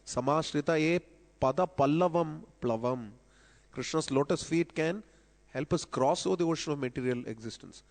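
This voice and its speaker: A man's voice: fairly high pitch, normal speed, gravelly. Man lecturing in a reverberant temple hall. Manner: explanatory, quotes scripture with rising emphasis, coughs now and then. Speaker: speaker at temple festival lecture. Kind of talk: devotional lecture. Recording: long reverb of a large hall.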